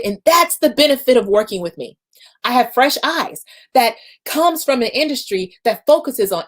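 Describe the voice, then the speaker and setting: A woman coaching founders on a casual livestream, talking energetically and repeating phrases for emphasis. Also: fairly high pitch. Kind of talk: casual livestream talk to viewers.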